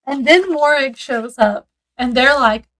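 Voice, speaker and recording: High-pitched lady doing a chill book review, rambly, lots of likes and ums. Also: a little slow, fairly bright tone, low-quality recording.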